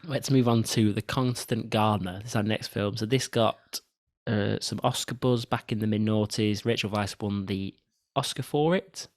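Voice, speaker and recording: A man steering a film review podcast with a fairly low voice. He gives dry, wry asides between his points. The recording is close and without room sound. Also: moderate pace, no echo. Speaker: podcast co-host. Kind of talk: casual film review chat.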